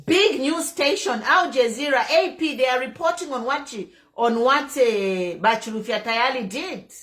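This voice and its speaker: Speaking a little slowly in a high, slightly bright voice, a middle-aged Zambian woman offers fervent political commentary online. She stresses and repeats her key phrases, weaving in words from a local language.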